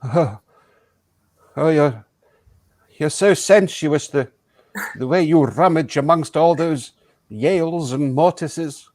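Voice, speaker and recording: A man's voice: on the high side, takes it slowly, pauses often, a little mellow, dry recording. A man playing a flustered, overly earnest party guest in an improvised comedy scene, stammering in a prim, formal way.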